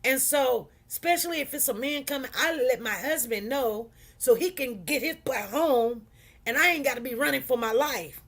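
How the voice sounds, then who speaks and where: A woman's voice: sits high, lively intonation, normal speed, a bit bright. A middle-aged woman with a Chicago accent chatting casually to her livestream viewers, repeating herself and talking straight to the audience. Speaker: livestream host.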